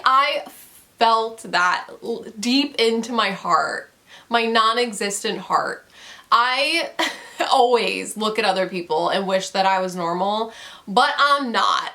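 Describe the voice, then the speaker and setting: A woman's voice: medium pitch, pushed and bright. A young woman casually reviewing a book, rambling and candid, swearing and laughing often.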